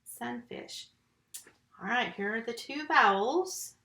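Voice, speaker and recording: A woman's voice: a little high, lively intonation, takes it slowly, pushed and bright. A woman teaching a first grade phonics lesson from home, patiently sounding out letters and syllables one by one into a computer mic. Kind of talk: recorded phonics lesson for young children. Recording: echoey room.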